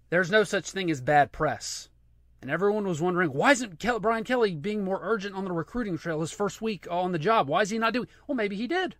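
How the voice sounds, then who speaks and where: A man hosting his own sports talk podcast, telling stories in an animated way with frequent restarts. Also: high-pitched, no echo, studio quality. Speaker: podcast host. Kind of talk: solo sports talk monologue.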